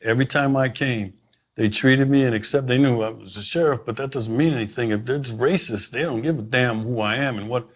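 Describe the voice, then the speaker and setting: Brisk and mid-range in voice, a middle-aged sheriff shares stories as a guest in conversation. He delivers them emphatically, with many restarts.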